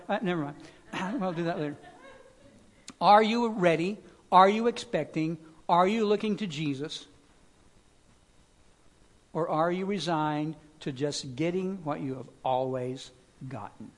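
A man's voice: a little high, a little slow, long pauses. Man preaching a casual, conversational sermon. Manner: conversational preaching with fillers and repetitions. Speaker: pastor.

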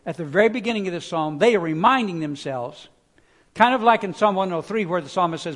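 A male pastor delivers a sermon in a high voice for a man. He talks conversationally, with fillers and restarts, then rises into loud pleading lines before sinking back to quiet, low emphasis. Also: quick pace.

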